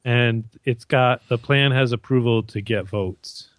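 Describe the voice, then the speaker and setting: A man's voice: mid-range voice, unhurried, dry recording, clean studio sound. A Canadian man co-hosting a podcast, rambling and joking with lots of fillers and restarts. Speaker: podcast co-host. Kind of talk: casual chat.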